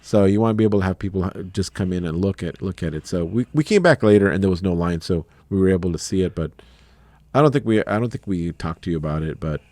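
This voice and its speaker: A man's voice: sits low, quick pace, warm tone, no echo. A man hosting a podcast interview, telling stories in a rambling, casual way with quoted asides. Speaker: podcast host.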